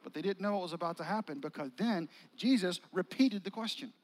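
A man's voice: high voice, fairly quick, poor audio. A male pastor preaching a sermon as casual, vivid storytelling.

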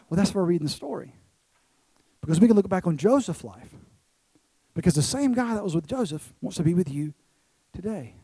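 A man's voice: high voice, expressive, brisk, pauses often, dark tone, breathy edge, no room sound. A man preaching a sermon as pastor, emphatic, with repeated phrases and rhetorical questions to the congregation.

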